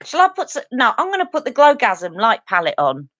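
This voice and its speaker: A woman's voice: fairly high pitch, wildly swooping pitch, fairly quick, fairly bright tone, dry recording. A woman hosting a beauty live stream, chatting earnestly and directly to her viewers. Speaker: beauty channel host. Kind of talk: casual live-stream chat.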